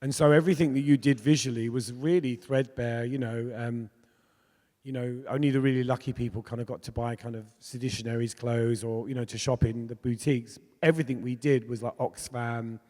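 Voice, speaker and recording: A pop musician in his fifties, his mid-range voice steady, fairly quick and a little mellow, tells candid stories in an onstage conversation. He is chatty and laughs a lot, and the festival hall gives the recording a long reverb.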